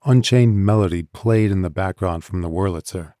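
Measured male audiobook narrator, deep, mellow, dry close mic. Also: dry recording.

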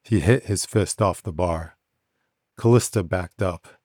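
Measured male audiobook narrator, deep, mellow, dry close mic. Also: slightly rough, dry recording.

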